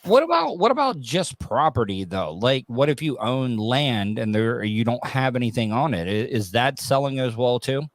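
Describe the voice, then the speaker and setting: Joking podcast host, dry close sound. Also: male voice, medium pitch, moderate pace, few pauses, no room sound. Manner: joking, rambling, lively. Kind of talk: casual podcast chat.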